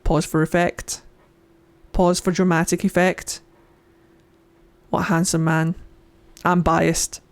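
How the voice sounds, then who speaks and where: A woman's voice: on the low side, flat delivery, takes it slowly, pauses often. A woman streaming a game in a casual, chatty way, reading the dialogue aloud and joking, with many filler likes and frequent giggles. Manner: playful and giggly, with frequent laughs. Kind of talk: casual let's-play commentary, reading game text aloud.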